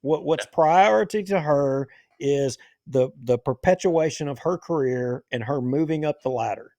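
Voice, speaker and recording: A man's voice: a little high, moderate pace, darkish tone, dry recording. A man hosting a talk show, giving heated, indignant political commentary. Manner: ranting, indignant.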